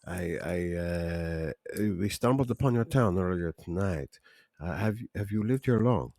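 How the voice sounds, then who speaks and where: A man voicing a courteous male adventurer who speaks in a measured, polite way. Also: low voice, lively intonation, creaky, dark tone, no room sound, clean studio sound, full character voice.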